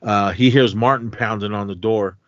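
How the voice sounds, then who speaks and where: A man's voice: lowish voice, steady tone, fairly bright tone, no echo. A man co-hosting a podcast, retelling a horror film's plot casually and acting out the characters' lines. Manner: retells scenes with quick acted-out quotes. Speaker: podcast co-host. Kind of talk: casual film recap. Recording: dull dry podcast audio.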